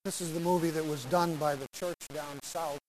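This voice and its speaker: A man's voice: fairly high pitch, steady tone, moderate pace, slight background noise, low-quality recording. Man preaching in short, emphatic exhortations. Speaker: pastor. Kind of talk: sermon. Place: church sanctuary.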